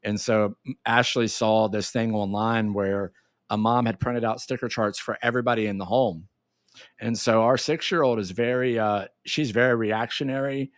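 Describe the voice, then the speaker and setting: A man hosting an interview over a call, talking in a friendly, relaxed way. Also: lowish voice, normal speed, no room sound, clean studio sound. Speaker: host. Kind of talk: casual interview talk. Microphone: remote call.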